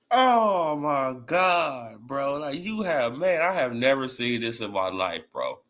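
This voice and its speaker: Animated man ranting in slang. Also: takes it slowly, hardly any pauses. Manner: animated, swings from shouting to low mumbling, slangy. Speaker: boxing commentary channel host. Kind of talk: casual ranting commentary.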